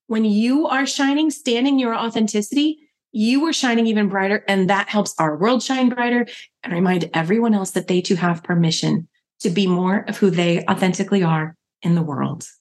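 A woman confidence coach speaking as a podcast guest, calm, encouraging and affirming. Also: mid-range voice. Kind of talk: casual conversation.

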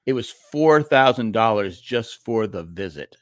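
A man's voice: on the low side, lively intonation, measured pace, dry recording, studio quality. A middle-aged man co-hosting a podcast, rambling through a story in casual chat with restarts and laughs. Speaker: podcast co-host.

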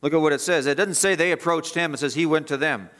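A man's voice: on the high side, fast, bright, forceful tone. A man preaching an expository sermon as pastor, emphatic and repeating phrases for stress.

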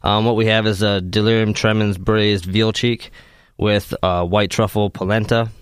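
A man guesting as an executive chef, describing a dish in an easygoing, slightly halting way. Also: lowish voice, fairly even intonation, smooth, no echo, clean studio sound. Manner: easygoing, describes dishes with fillers. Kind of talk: casual interview chat. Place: studio.

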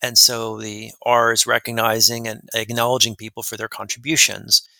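A man with a gravelly, very bright and forceful voice tells animated, rambling stories as a podcast guest. His sound is close and dry, with no room around it. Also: mid-range voice, moderate pace, no room sound. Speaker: guest expert on workplace respect. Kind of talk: storytelling in a podcast interview. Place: lives in New Jersey.

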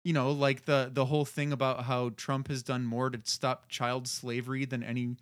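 A man's voice: medium pitch, flat delivery, normal speed, no echo, studio quality. A man co-hosting a casual podcast chat, rambling and groping for words, often laughing at himself. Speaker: podcast co-host.

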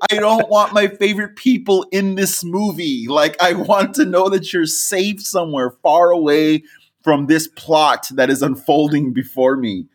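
A man voicing his girlfriend as a panicky young woman who fears for her favorite heroes, in a shrill, breathless squeal. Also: fairly even intonation, a little slow. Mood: panicked.

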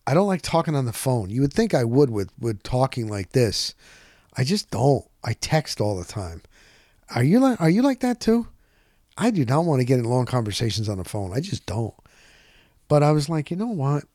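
A man hosting a podcast, telling a rambling, excitable story in a casual monologue and punching points with "boom.". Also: normal speed, no echo, clean studio sound. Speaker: podcast host.

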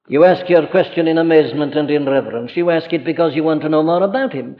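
A man's voice: fairly high pitch, quick pace, few pauses. Man preaching a sermon, emphatic and earnest, lots of rhetorical questions, big echoey church, muffled old tape. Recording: dull lo-fi archive recording in a reverberant hall.

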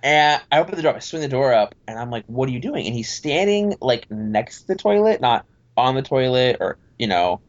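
Rambling storyteller man, lively pitch. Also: normal speed, highs cut off. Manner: animated, rambling, acts out voices in his story. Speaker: podcast guest. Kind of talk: casual storytelling.

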